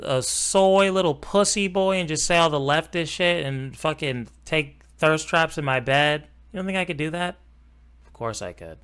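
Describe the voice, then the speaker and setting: A man's voice: a little high, moderate pace, fairly bright tone, clear, resonant tone. A man hosting a reaction stream, talking crudely and mockingly with lots of swearing. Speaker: streamer host. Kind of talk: casual reaction stream chat.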